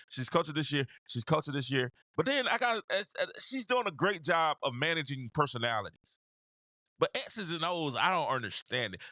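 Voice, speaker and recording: A man's voice: on the high side, bright, forceful tone, no room sound, clean studio sound. A man hosting a live stream, talking basketball in a loose, slangy way, greeting viewers by name and repeating phrases for emphasis. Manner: casual slangy delivery. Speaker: host. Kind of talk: live stream basketball talk with chat shout-outs.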